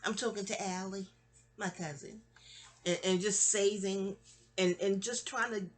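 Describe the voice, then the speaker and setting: Husky lady in her 40s venting family drama, keeps trailing off and starting over. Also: medium pitch, steady tone, a little slow. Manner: rambling, trails off and restarts, mimics people in quotes. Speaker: storyteller. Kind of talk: candid family storytelling.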